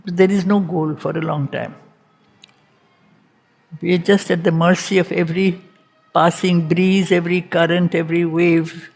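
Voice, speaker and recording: Woman teacher, reading-group lecture, unhurried, repeats lines for weight, gravelly tone. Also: on the low side, level tone, darkish tone, soft background music. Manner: deliberate, repeats phrases for emphasis. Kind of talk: slow spiritual lecture on poetry.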